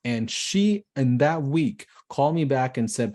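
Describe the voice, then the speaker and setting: A man in a casual online workshop who tells stories with real energy and leans hard on his key points. His voice is mid-pitched and conversational. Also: unhurried, few pauses. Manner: animated, emphatic storyteller. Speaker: agency owner guest. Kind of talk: casual storytelling.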